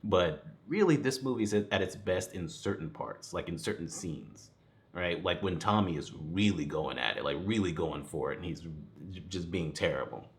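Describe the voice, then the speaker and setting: A man with a fairly low voice talks through a movie review in a loose, rambling way. He laughs between thoughts and swears freely, keeping it casual and unscripted. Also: lively intonation, normal speed. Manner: rambling, chuckling, profane. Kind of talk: casual spoken film review.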